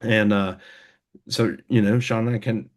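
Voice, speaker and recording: A man's voice: on the low side, fairly even intonation, measured pace. A young man, a band member, talking casually in an interview, rambling with many fillers and restarts. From United States.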